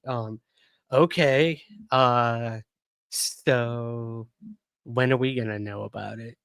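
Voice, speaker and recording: A man's voice: mid-range voice, fairly even intonation, takes it slowly, creaky, a bit bright, clear, resonant tone, dry recording, studio quality. A man hosting a casual livestream, chatty and rambling with many fillers, hiccuping. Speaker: podcast host.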